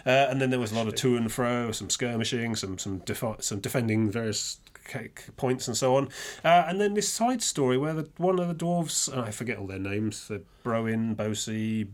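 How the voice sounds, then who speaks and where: A man's voice: medium pitch, expressive, normal speed. A man chatting casually about a game he plays, rambling with many restarts and dry sarcastic asides. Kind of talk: casual gaming chat.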